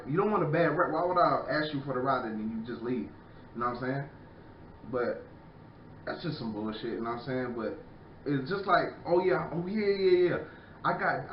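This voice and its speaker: A young adult man hosts a casual podcast, rambling through a profane rant and repeatedly saying "you know what I'm saying." His voice is medium-pitched with a little hiss or hum, and he sounds far from the mic in an echoey room, giving a dull recording.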